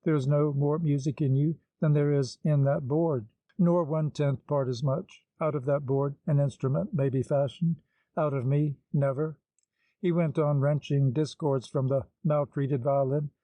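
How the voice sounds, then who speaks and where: A man reading an audiobook in measured, scripted narration. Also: on the high side, steady tone, warm tone, no room sound, low-quality recording. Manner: measured storytelling.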